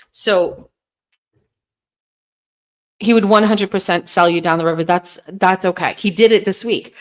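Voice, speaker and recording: A woman's voice: fairly low pitch, fairly bright tone. A woman hosting a casual livestream, talking bluntly to her viewers with plenty of swearing and rambling restarts. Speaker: host.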